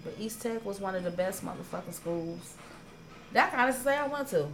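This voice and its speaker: Woman, podcast co-host, swearing storyteller who acts out every argument, mid-pitched voice, faint hiss behind her. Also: a little fast. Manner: profane, animated, acts out quoted arguments. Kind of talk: casual storytelling chat.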